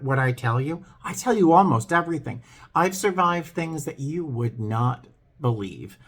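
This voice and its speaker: A middle-aged man talking to his viewers in a vlog, earnest and hesitant, with many pauses and restarts. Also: mid-range voice, a bit bright. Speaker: vlogger. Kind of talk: talking to camera, heartfelt chat.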